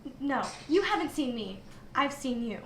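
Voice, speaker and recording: A woman's voice: high-pitched, big pitch swings, normal speed, gravelly, roomy sound, slight background noise, low-quality recording. A woman playing a tabletop role-playing game in a coy, mysterious way. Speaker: player.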